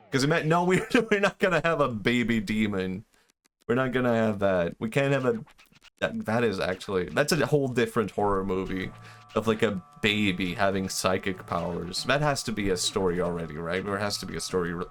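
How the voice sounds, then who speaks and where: A young man streaming a game, musing in a loose, excitable way and swearing now and then. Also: lowish voice. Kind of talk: casual gaming stream commentary.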